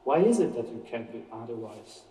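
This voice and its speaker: Guy doing a loud brisk circus boss, pitched up, booming hall far from the mic. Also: sing-song, close to an everyday voice. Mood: brusque. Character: brisk middle-aged male circus supervisor, matter-of-fact.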